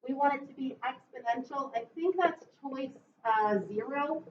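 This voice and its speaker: A woman's voice: sits high, normal speed, slight background noise. A woman teaching a math class, patiently walking through calculator steps and asking students questions. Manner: patient, explains step by step and asks the class questions. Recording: dull lo-fi classroom recording.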